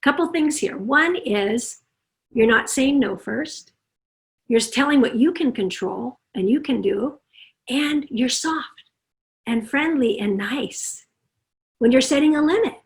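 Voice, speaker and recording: A middle-aged woman, a parenting consultant, giving an animated summit talk over a video call and acting out parent and child voices. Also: high voice, takes it slowly.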